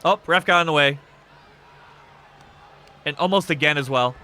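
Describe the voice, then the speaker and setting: Excitable, bright-voiced male streamer. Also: on the high side, normal speed, a little hiss or hum. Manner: excitable, laughing, swearing, shouts during action. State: stuffy nose. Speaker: streamer commentating a wrestling game. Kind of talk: casual livestream commentary.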